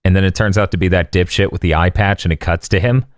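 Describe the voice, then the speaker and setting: A man's voice: low-pitched, steady tone, fast talker, smooth, no echo, studio quality. A man hosting a podcast, recapping an episode casually with frequent laughter and swearing. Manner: laughing, profane storytelling. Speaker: podcast host.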